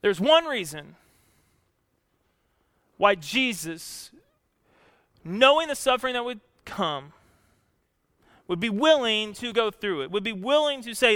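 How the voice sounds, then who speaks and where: A man preaching a sermon in an animated way, moving from hushed asides to loud outbursts. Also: high-pitched, slow, long pauses, no room sound, clean studio sound. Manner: animated, swings from hushed to shouting, laughs often. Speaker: pastor.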